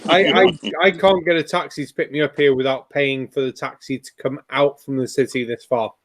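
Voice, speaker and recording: A man's voice: mid-range voice, fairly even intonation, brisk, dry recording. An English man hosting a casual chat, swearing and exasperated in his banter. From England. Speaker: host.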